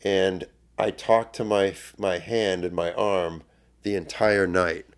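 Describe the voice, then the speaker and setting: A middle-aged man, a podcast guest, earnestly retelling a personal story, his voice swelling louder at intense moments. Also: low voice, fairly even intonation, slow pace.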